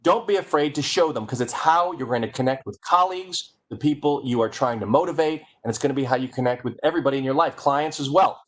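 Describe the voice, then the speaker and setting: A man's voice: mid-range voice, fast, hardly any pauses. Playful man giving a comic talk. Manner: playful, energetic, addresses the audience directly. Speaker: keynote speaker. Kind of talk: comedic presentation.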